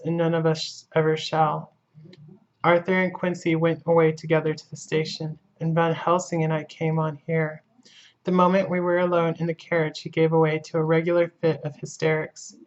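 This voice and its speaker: A woman reading a classic novel aloud in measured, even audiobook narration. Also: low-pitched. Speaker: audiobook reader. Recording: dull lo-fi recording.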